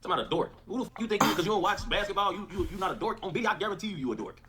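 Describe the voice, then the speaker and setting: A man's voice: sits high, very fast, crowd noise. A man delivering a profane, repetitive livestream rant. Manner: animated, repetitive, cursing.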